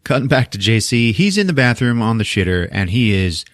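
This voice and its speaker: A man's voice: mid-range voice, big pitch swings, a little fast, a bit bright, dry recording, clean studio sound. A man hosting a podcast, casually retelling a film scene by scene with swearing, quoted lines and laughter, speaking into a podcast microphone. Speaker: podcast host.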